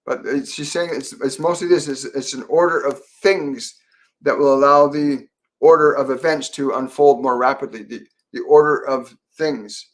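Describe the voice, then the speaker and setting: A man hosting a live-stream Q&A as a psychic medium, talking softly and meanderingly with many fillers and restarts. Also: mid-range voice, fairly even intonation, moderate pace. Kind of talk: live-stream Q&A, relaying spirit messages.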